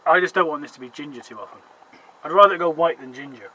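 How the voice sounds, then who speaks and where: A man in casual chat, quick and agreeable, often affirming. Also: on the high side, pushed and bright, rough recording. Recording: faint background noise.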